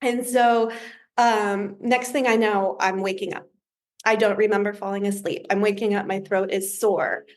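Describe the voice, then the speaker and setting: A woman who is a podcast guest, telling a story in a casual, humorous and animated way. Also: medium pitch, moderate pace.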